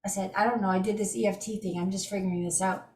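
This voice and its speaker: Speaking quickly in a mid-range voice, a middle-aged woman shares an energy healing method with casual, enthusiastic storytelling and lively asides. The mic is distant, and the room has a noticeable echo.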